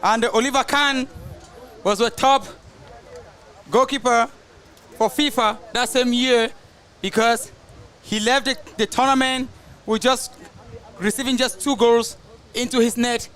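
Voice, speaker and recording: A man calls a soccer match live from the stands, his voice pitched high and bright. He wanders off into stories about famous players between the plays. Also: steady tone, measured pace, pauses often. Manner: rambling, drifts into asides about famous players. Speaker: soccer commentator. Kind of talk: live play-by-play commentary.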